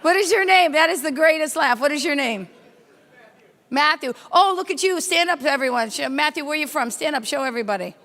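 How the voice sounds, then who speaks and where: A woman hosts a corporate welcome night at a hotel conference with brash stand-up and crowd work. Her voice sits high and is expressive with a fairly bright tone, and she teases the audience and tells stories rapidly in an echoey hall.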